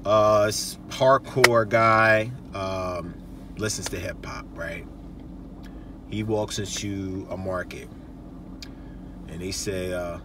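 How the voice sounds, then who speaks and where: A man's voice: deep voice, steady tone, takes it slowly, long pauses, far from the mic, noisy background. A male host giving casual advice, emphatic and repetitive, often checking in with "okay?" and "right?".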